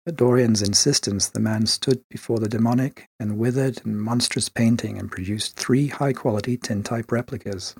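Male story narrator: husky tone, dry close recording, measured delivery. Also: on the low side, a little mellow, no echo. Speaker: story reader. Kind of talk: scripted narration.

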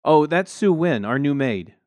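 A man voicing a pompous, showy middle-aged neighbor who shouts when things go wrong. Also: fairly high pitch, lively intonation, measured pace, no echo, studio quality, voice pushed up. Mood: smug.

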